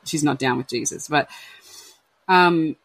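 A husky-voiced woman talks openly and emotionally, her sentences trailing off and restarting as she acts out her friends' words. Her speech is slightly breathy. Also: sits low, measured pace, poor audio. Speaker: podcast host sharing her baby loss. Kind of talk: candid casual chat.

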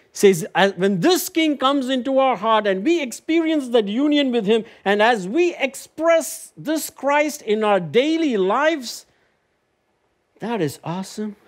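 A man preaching a sermon in a church, telling a personal story and building to emphatic, high-pitched proclamation. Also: animated, takes it slowly. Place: church sanctuary.

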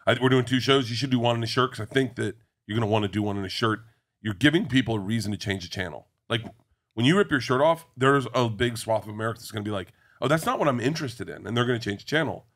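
A middle-aged man, a guest comedian, telling animated stories in a casual interview and acting out the people he quotes. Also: mid-range voice, quick pace. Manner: animated storyteller, acts out quoted voices.

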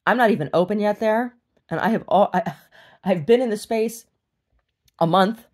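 A woman's voice: mid-range voice, moderate pace, darkish tone. A middle-aged woman speaking in a candid video diary, weary and blunt, swearing freely and breaking into wry laughs. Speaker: video diarist.

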